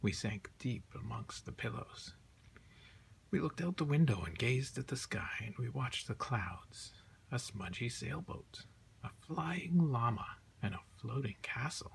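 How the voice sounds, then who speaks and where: A man hosting a storytime as Santa, reading a children's picture book aloud. His voice is gravelly and sits at a middle pitch, gentle and often sinking to a near whisper, with a faint hiss behind it. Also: lively intonation, unhurried.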